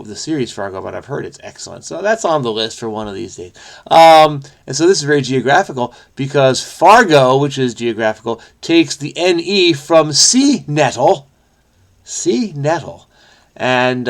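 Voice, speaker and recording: Gravelly American man rambling casually. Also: mid-range voice. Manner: rambling, self-deprecating, chuckling often, many fillers. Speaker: crossword solving video host. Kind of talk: casual solo commentary. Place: home basement.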